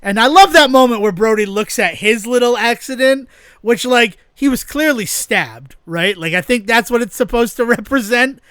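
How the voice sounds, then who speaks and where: A man with a notably high, clean and resonant voice, recorded close and dry with no room sound. He co-hosts a podcast in loose, casual chat, rambling with enthusiasm and breaking into laughter often. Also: moderate pace, fairly bright tone, clear, resonant tone, no room sound. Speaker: podcast co-host.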